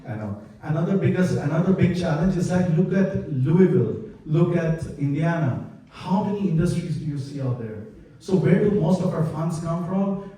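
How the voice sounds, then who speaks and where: A man's voice: a little high, mellow. A man giving an impassioned conference presentation, earnest and openly emotional as he pleads for help. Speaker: conference presenter for a devotional community. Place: large conference hall. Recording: echoey hall, voice far from mic.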